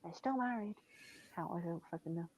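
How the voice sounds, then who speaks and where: A woman's voice: on the low side, fairly quick, darkish tone, slight background noise, rough recording. A young woman in casual chat, telling rambling family stories full of swearing and "I'm like".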